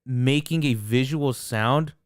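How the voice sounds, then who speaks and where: A man's voice: medium pitch, slow pace, no echo, studio quality. A young man co-hosting a podcast, rambling in casual chat with lots of swearing and fillers. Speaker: podcast co-host.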